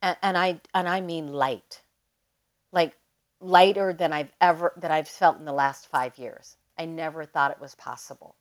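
A woman guest on a podcast, telling a personal story in a casual, animated way and leaning often on "like". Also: low-pitched, moderate pace. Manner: animated, emotional storyteller who leans on "like".

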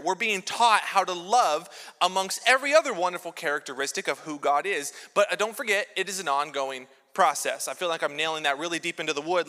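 A man preaching a sermon as pastor in a church, telling lively jokey stories with props. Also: on the high side. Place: large church sanctuary. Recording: long church hall reverb.

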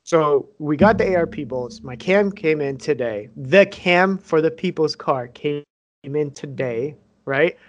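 A man's voice: fairly high pitch, measured pace. A young man co-hosting a casual podcast, joking, teasing and swearing as he gives updates. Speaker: podcast co-host. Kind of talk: casual banter.

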